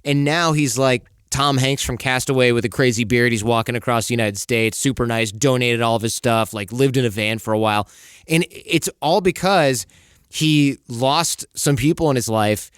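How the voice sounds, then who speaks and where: A man's voice: medium pitch, normal speed, fairly bright tone, smooth, no room sound, clean studio sound. A man from Michigan chatting casually on a podcast, with lots of "like" fillers.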